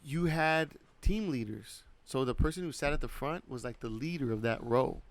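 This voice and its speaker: A man's voice: mid-range voice, moderate pace. A man in his thirties co-hosting a podcast, telling a long story in casual chat, packed with "like" and swearing. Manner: rambling, heavy use of "like", swears freely. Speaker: podcast co-host.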